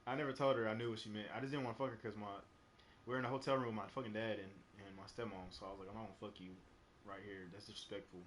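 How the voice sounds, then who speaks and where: Low-voiced young man rambling casually. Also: steady tone, rapid-fire, a little hiss or hum. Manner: rambling, heavy on fillers and profanity. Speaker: live game streamer. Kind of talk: casual storytelling chat.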